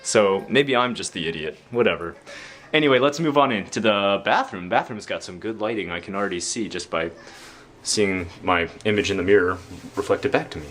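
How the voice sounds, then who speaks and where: A man's voice: fairly low pitch, fairly quick, fairly bright tone. A young man giving a casual, rambling home-tour vlog inside his house, self-deprecating and full of fillers.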